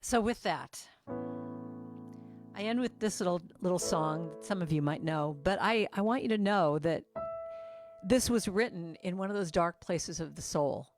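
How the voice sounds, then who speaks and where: A woman's voice: lowish voice, lively intonation, moderate pace, music in the background. A woman giving an earnest, chatty inspirational morning message as guest speaker, talking over a video call.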